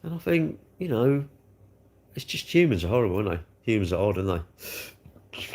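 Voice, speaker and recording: A middle-aged man rambles through a casual livestream chat. He addresses his viewers directly, and his pitch rises and falls in a lively way. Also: fairly quick. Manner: rambling, talks straight to viewers. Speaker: livestream host.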